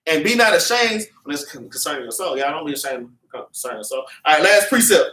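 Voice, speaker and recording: Fervent, bright-voiced man preaching in an echoey room. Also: a little high, lively intonation, quick pace. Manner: fervent, repetitive, streetwise slang. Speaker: Bible class teacher. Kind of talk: casual preaching with read-back. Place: meeting room with congregation. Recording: echoey room, mic at a distance.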